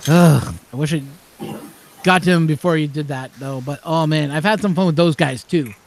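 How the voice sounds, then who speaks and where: A chatty man with a fairly high voice hosts a relaxed hangout. He tells rambling anecdotes and acts out the phone calls he describes. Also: moderate pace. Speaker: channel host. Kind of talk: casual chat.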